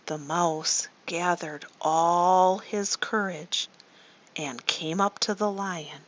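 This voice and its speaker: A woman leading a guided story meditation for children, slow and soothing, often asking the listener questions. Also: lowish voice, steady tone. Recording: dull lo-fi recording.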